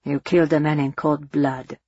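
A brave male priest defying his captor in a quiet, firm voice, as a woman reads him. The tone is low and husky. The recording is dry and slightly dull. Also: normal speed, no echo. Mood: challenging. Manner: challenging and quiet.

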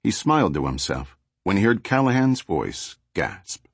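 Low, husky male audiobook narrator. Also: sing-song, unhurried, no echo. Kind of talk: scripted narration.

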